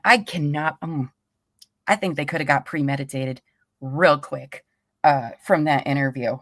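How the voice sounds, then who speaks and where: A woman's voice: deep voice, normal speed, a bit bright, dry recording, clean studio sound. A woman hosting a livestream about a trial, angry and swearing as she comments. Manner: angry, profane, repeats courtroom audio aloud.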